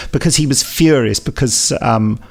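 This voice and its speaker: A man's voice: medium pitch, measured pace. A middle-aged man co-hosting a podcast, wry, teasing and opinionated. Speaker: podcast co-host. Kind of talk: casual chat.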